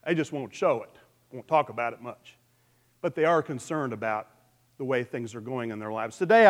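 Male pastor, somewhat high voice, informal halting delivery full of restarts, long church-hall echo. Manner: informal, halting, and repeats words as he goes. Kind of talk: conversational sermon with announcements and prayer. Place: church sanctuary.

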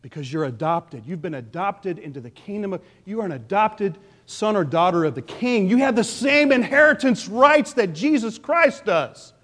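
A man preaches with passion, his voice rising loud and then dropping to a hush. He speaks in a high register. The sound rings with the long reverb of a big hall. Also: expressive, moderate pace, hardly any pauses. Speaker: pastor. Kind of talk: sermon.

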